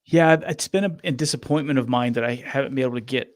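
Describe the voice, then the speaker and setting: Male guest, gravelly, hesitant delivery full of restarts, dry close recording. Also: mid-range voice, no room sound. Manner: halting, with many restarts and fillers. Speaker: podcast guest and interviewer. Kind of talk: casual chat.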